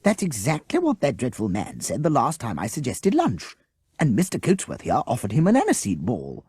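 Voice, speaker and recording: A man voicing an absent-minded, fussy female schoolteacher in an audiobook story, decisive but pausing to dither. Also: mid-range voice, wildly swooping pitch, darkish tone, slightly rough, no echo, full character voice. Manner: decisive yet dithering, with pauses.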